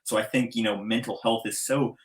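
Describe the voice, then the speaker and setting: A man's voice: fairly low pitch, steady tone, brisk. A man hosting a podcast interview, talking in an effusive, enthusiastic way, with hype-style introductions. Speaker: podcast host.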